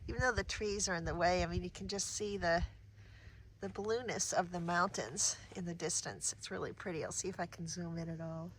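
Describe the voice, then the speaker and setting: A woman's voice: lowish voice, brisk, a little hiss or hum. A woman, vlogging casually and candidly from a mountain trail into a handheld camera, sometimes catching her breath. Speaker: hiking vlogger.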